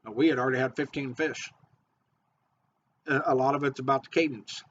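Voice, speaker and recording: A man who makes fishing baits and guides charters, giving an excited, repetitive how-to talk. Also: mid-range voice, brisk, slight background noise. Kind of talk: casual how-to video talk. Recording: dull lo-fi audio.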